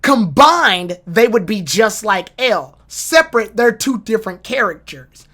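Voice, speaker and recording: A woman's voice: mid-range voice, animated, unhurried, fairly bright tone. A woman hosting a streamed chat, building long analytical comparisons. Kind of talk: casual chat.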